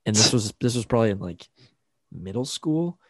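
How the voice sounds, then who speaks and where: Animated young man chatting, dry close mic. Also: on the low side, normal speed, no room sound. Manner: rambling, self-interrupting, swearing. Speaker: podcast co-host. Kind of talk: casual chat. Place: home room with roommate nearby.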